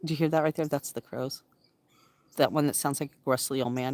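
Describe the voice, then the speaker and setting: A woman with a low, rugged voice chats casually with her viewers outdoors in her backyard, breaking into a playful singsong to call to the animals. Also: steady tone, brisk, a little mellow, no room sound. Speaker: vlogger. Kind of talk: casual live chat with viewers.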